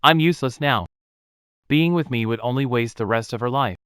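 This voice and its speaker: A man's voice: mid-range voice, brisk, a bit bright, reverberant, big-room sound, lightly acted. Hopeless blinded husband, a man acting. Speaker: injured blind husband in a drama. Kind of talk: dubbed drama acting.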